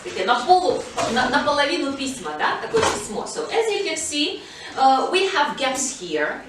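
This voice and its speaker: High-voiced woman teaching a class. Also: very echoey, distant mic, noisy background. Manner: prompting pupils, switching to Russian to explain. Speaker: English teacher. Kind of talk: classroom lesson. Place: school classroom.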